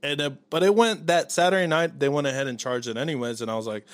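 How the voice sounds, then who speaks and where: A man in a casual chat, telling a long story in a lively way, acting out the voices of the people in it and swearing freely. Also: fairly high pitch, quick pace, no echo. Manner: animated storytelling, acts out his own quotes, swears freely.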